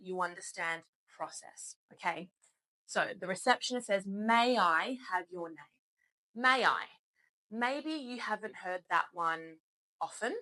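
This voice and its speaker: A female English teacher who takes her time, speaking slowly and deliberately. Her voice is bright and clear, with a patient, encouraging way of walking learners through each point. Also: mid-range voice, poor audio. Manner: patient, encouraging, explains step by step. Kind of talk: spoken English lesson.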